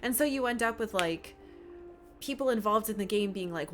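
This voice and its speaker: A woman's voice: on the high side, moderate pace, pauses often. A young woman from Appalachia chatting while streaming a game, rambling with lots of fillers. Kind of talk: casual gameplay commentary. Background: faint game music.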